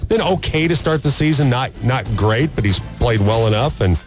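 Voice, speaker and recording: A man's voice: mid-range voice, expressive, normal speed, music in the background. A man co-hosting a casual sports radio show, confidently making picks with stats and jokes. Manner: confident, stat-heavy, jokey.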